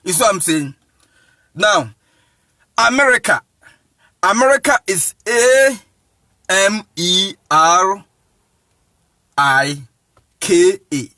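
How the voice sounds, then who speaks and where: Ghanaian man, deliberate teacher cadence, keeps asking if you follow, chuckles. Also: high voice, lively intonation, sharp tone, dry recording, studio quality. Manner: insistent, repeats "you see what I'm saying", chuckles often. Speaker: evangelist teaching. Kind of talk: informal lecture monologue.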